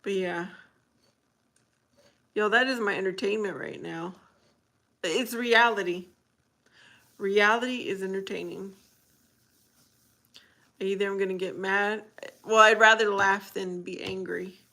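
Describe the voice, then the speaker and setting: Woman hosting a relaxed livestream, talks slowly, mid-pitched, answers chat with easy laughter. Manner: laughs often, reads chat aloud. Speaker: livestream host. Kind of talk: casual chat with viewers.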